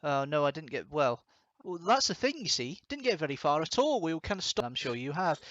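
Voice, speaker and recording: A man's voice: a little high, big pitch swings, brisk, fairly bright tone. A man hosting a live stream in a casual chat, apologizing for technical glitches. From Scotland. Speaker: stream host. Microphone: webcam or laptop mic. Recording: dull, lo-fi stream audio.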